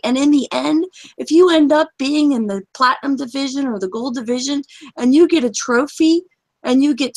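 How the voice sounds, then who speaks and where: A woman hosting a gaming channel, ranting bluntly and emphatically with plenty of swearing in a casual, animated talk. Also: sits high.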